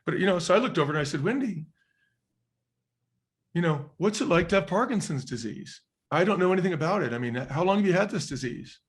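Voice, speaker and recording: A middle-aged former restaurant chain executive, a guest on a podcast, tells a personal story in an earnest, reflective way. His high voice is animated and a little fast, and he slips into the voices of the people he quotes.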